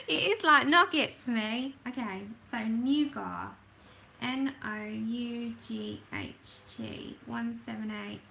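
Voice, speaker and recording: A woman's voice: on the high side, takes it slowly, vocal fry, bright, forceful tone, slight background noise, poor audio. A woman chatting casually as she hosts a livestream, talking to herself while she works and often laughing at herself. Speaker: livestream host swatching colour pencils.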